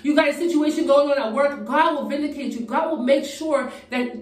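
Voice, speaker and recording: A woman's voice: high voice, brisk, a little hiss or hum. A woman preaching fervently in a conversational way, encouraging her viewers in a get-ready-with-me video. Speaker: Christian vlogger. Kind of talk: preaching while getting ready. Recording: echoey room from a distance.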